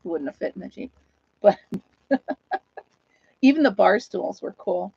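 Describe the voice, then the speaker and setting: A woman's voice: mid-range voice, animated, unhurried, gravelly, husky, no room sound. Chatty woman on a muffled home stream. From United States. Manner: chatty, laughs often, talks to viewers and her dog. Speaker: host of a live chat stream. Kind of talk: casual live-stream chat.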